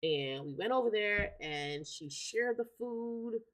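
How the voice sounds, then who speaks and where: A woman hosting a casual live stream, chatting in a relaxed way, repeating words and filling pauses with "um". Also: mid-range voice. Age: adult with a daughter. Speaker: livestream host.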